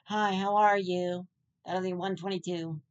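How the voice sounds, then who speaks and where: A man voicing a bored female drive-thru cashier who speaks in a flat, matter-of-fact way. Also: sits high, a little slow, clean tone, dull audio, voice pushed up.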